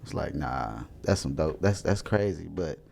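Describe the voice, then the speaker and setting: A man's voice: extremely low pitch, expressive, a little slow, creaky, darkish tone, slight background noise. A young man in his twenties chatting casually at home into a desk mic, joking loosely, laughing often, and using a lot of slang. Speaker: vlogger. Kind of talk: casual rambling chat.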